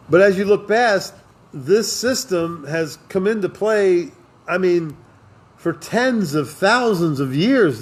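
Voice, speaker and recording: A man hosting a podcast who talks in a loose, rambling way, mixing big ideas about history and love with jokes and lots of fillers. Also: fairly high pitch. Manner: philosophical, joking, with many fillers. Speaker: podcast host. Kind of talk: casual rambling talk.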